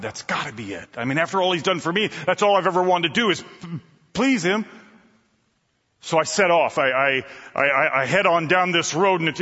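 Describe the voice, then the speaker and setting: Guy preaching a story sermon, bright slightly high voice, big echoey hall, kinda muffled. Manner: dramatic, swings between loud and hushed.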